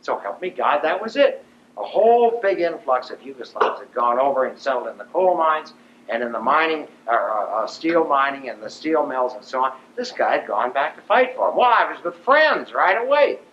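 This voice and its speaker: An older man from Ohio, a veteran, telling his wartime story in a vivid, animated storytelling manner. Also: mid-range voice, normal speed, a little hiss or hum. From Ohio, USA. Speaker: veteran speaker. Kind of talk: storytelling talk. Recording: roomy dull lo-fi recording.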